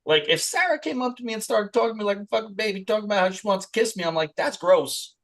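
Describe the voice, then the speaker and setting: This podcast co-host speaks quickly in a high, gravelly voice, chatting in an animated, casual way. He swears a lot and keeps dropping into mock voices.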